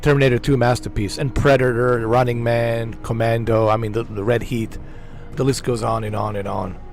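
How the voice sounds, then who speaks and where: With faint music behind him, this gaming streamer talks over gameplay in a medium-pitched, level voice with vocal fry, at normal speed. His chat is casual and enthusiastic, full of repetition and slang such as "man" and "dude."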